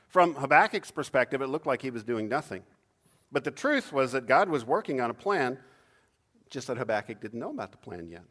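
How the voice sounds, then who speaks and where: A man preaching a sermon in an animated way, acting out cries with sudden loud, high bursts. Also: a little fast. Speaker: pastor.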